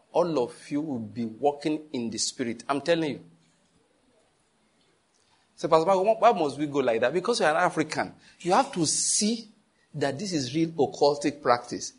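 Preacher guy, husky voice, kinda high, keeps repeating himself for punch. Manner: emphatic, repeats phrases, acts out stories. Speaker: pastor. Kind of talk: sermon.

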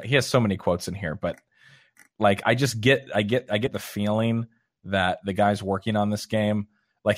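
Male podcast co-host, low voice, blunt, cynical banter, dry close mic. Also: dry recording. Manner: blunt, cynical, swears casually. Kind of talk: casual chat.

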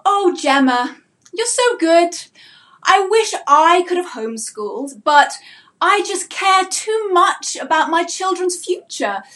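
A woman's voice: high voice, fairly bright tone. A woman doing a sugary, backhanded gossiping auntie. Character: gossipy passive-aggressive middle-aged auntie.

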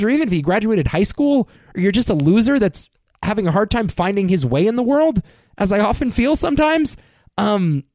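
A man's voice: high voice, a little mellow, no echo. A man hosting a casual entertainment news rundown, giving wry, sarcastic takes on shows and awards. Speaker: podcast host.

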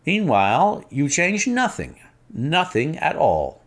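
A man reading an audiobook, voicing a sharp, brisk male detective who asks crisp, commanding questions. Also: on the high side, huge pitch swings, pitched above the performer's own voice, exaggerated voice. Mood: firm.

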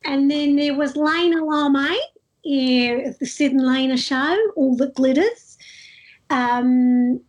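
A woman, telling stories in a casual, animated way as a guest in an interview. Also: sits high, slow, rough recording. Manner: lively, animated storytelling with laughs. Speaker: street performer guest.

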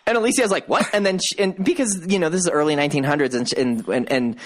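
A man co-hosting a podcast, casually retelling a TV drama plot with lively quoted voices. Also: fast talker, a little hiss or hum. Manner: animated storyteller, voices quotes with rising pitch. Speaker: podcast co-host. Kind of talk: casual chat, recapping a TV drama.

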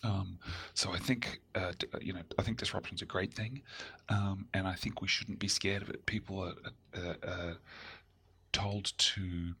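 A man's voice: low-pitched, fairly even intonation, normal speed, bright, forceful tone, breathy edge. A man co-hosting a casual podcast, easygoing and chatty, sometimes dropping to a near whisper. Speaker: co-host.

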